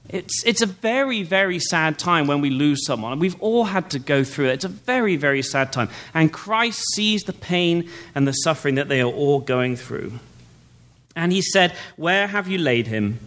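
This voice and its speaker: A young man preaching a sermon, reading scripture aloud and then explaining it in an earnest, measured way. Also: high-pitched, a bit bright. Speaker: pastor.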